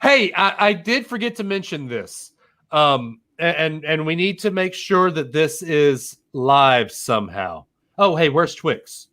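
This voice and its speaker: A man's voice: on the high side, sing-song, a little slow, pushed and bright. A man co-hosting a podcast in casual, jokey chat, often stumbling over his words. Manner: jokey, stammering restarts, sings silly bits. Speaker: podcast co-host.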